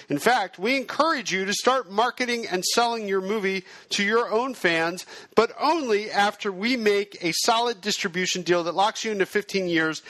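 A man playing a slick, condescending dealer who talks down with polished sales patter. The voice is on the higher side and sounds close and dry. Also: fairly bright tone, no room sound.

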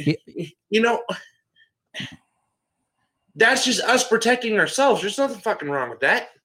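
A man's voice: high voice, animated, a little slow, sharp tone. Emphatic man, swearing constantly. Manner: emphatic, swears in nearly every sentence. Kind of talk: profane casual chat.

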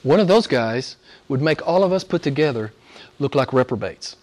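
With an animated, mid-range voice and a moderate pace, a man gives a sermon full of rhetorical questions aimed at the congregation. He repeats phrases for emphasis and alternates between booming emphatic moments and soft, nearly whispered remarks.

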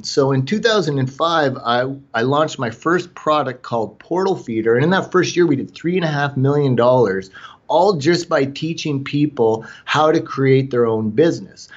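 A Canadian man talks through his background in a loose, conversational way, with plenty of "you know" and restarts. His pitch sits in the middle range. The audio sounds a little dull and lo-fi. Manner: talkative, with frequent fillers and restarts. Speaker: guest entrepreneur. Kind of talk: conversational storytelling.

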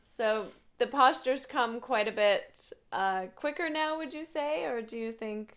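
A woman hosts a casual interview, laughing often and asking short follow-up questions. Her voice sits fairly high and she talks at an unhurried, slow pace. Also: fairly bright tone. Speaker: host.

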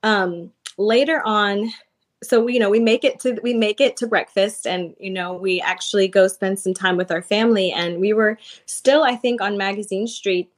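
A woman's voice: mid-range voice, moderate pace. A woman in her thirties, a podcast guest, telling a personal faith story in casual, earnest talk full of fillers. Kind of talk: casual testimony.

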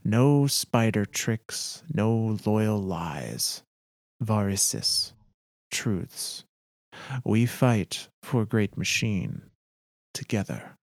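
A man voicing a male alien pirate captain who speaks slow, halting broken English. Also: fairly low pitch, very animated, gravelly, dry recording, clean studio sound, heavily acted. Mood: solemn.

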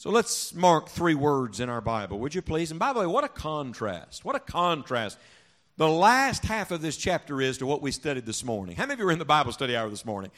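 A male pastor preaching a sermon to his congregation, leaning on rhetorical questions and call-and-response, and swinging between loud emphasis and quiet, low reflection. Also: sing-song, fairly quick. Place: church sanctuary before a congregation.

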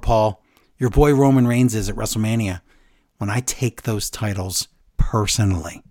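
Animated man recapping a story. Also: fairly low pitch, moderate pace. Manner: animated storyteller, quoting others in a flat retelling voice. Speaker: podcast co-host. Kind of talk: casual chat, recapping a wrestling segment.

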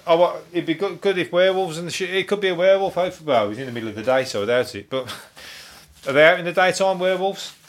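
A man's voice: mid-range voice, a bit bright. A man hosting a solo podcast, ranting in a rambling, profane way with restarts and chuckles. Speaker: podcast host.

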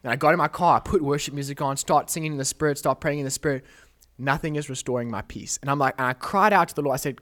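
A young man with a fairly high voice tells a faith testimony on a podcast. He speaks earnestly and with animation, acting out the prayers he recalls. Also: fast. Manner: earnest, animated storytelling, quoting prayers aloud. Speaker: podcast host. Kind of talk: emotional testimony in a casual chat.

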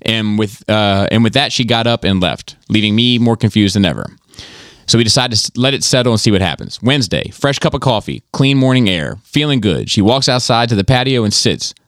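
A man's voice: on the low side, expressive, fairly quick, fairly bright tone, no room sound, clean studio sound. A man hosting a podcast in casual chat, reading listener emails aloud in a laid-back way with frequent swearing and laughter. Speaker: podcast host.

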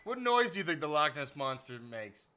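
A jokey man with a high, lively voice, riffing through a podcast chat and teasing himself. His tone is bright and ringing, bouncing around as he talks. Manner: jokey, quick, self-mocking. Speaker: podcast co-host. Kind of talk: casual chat.

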